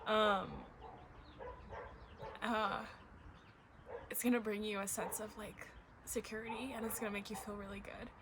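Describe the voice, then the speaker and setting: A woman's voice: medium pitch, flat delivery, unhurried, pauses often, noisy background. A woman giving a casual tarot reading to camera, emotional and gushing, close to tears at times, with dogs barking in the background. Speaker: tarot reader.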